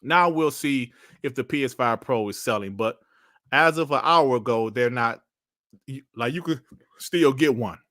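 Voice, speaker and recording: A man's voice: mid-range voice, unhurried, fairly bright tone, dry recording, clean studio sound. A man giving casual, mocking commentary as a streamer, laughing often and swearing while he reads out and answers comments.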